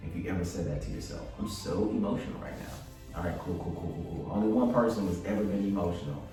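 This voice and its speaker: A man's voice: low voice, racing, mellow, heavy reverb, far from the mic, faint music behind, rough recording. A man teaching students in an online class over a video call, upbeat and encouraging, repeating his phrases and talking straight to the class. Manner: repetitive, upbeat, encouraging, talks to the class directly. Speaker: yoga and mental health instructor.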